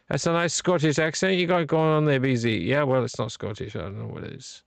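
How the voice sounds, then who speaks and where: Man, slightly tipsy, rambling late-night livestream host, swears freely, rough gravelly voice. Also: mid-range voice, steady tone, fairly quick, few pauses, no room sound. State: a bit tipsy from beer. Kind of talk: late-night live vlog chat.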